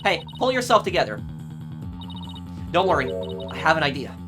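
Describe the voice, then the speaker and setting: A spirited young female defense lawyer from a video game, brisk and quick to protest, read aloud by a man. She stays upbeat and confident. Game music plays in the background. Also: a little high, sing-song.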